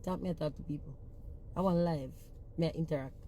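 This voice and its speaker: A social media personality with a Jamaican accent rants on a phone livestream, her low voice quick and warm against slight background noise. She's blunt and profane as she scolds her commenters.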